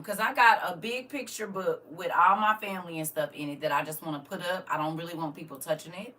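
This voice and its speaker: An older grandmother chats on a live stream, talking right to her viewers. Her voice is bright and a little tense. She sits a bit back from the camera mic, so she sounds slightly distant. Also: lowish voice, lively intonation, brisk. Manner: chatty, talks straight to viewers. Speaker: vlogger. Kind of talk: casual live stream chat.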